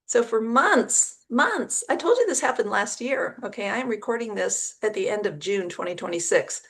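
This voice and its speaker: A woman's voice: fairly high pitch, moderate pace. A middle-aged woman casually telling a personal story to camera, acting out the people in it. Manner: animated, acts out quoted dialogue with gasps and laughs.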